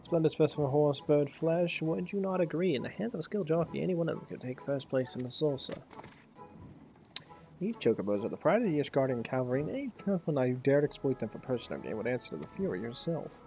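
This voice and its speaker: A man's voice: on the high side, expressive, fast, gravelly, warm tone. A man voicing a pompous aristocratic game character in a theatrical, put-on posh accent, reading the lines aloud over a game. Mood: grandiose.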